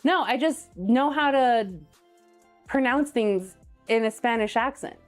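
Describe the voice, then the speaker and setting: A woman's voice: fairly high pitch, takes it slowly, soft background music. Chatty woman cooking on a livestream. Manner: chatty storyteller, reads viewer comments aloud. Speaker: cooking streamer. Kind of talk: casual chat while cooking live.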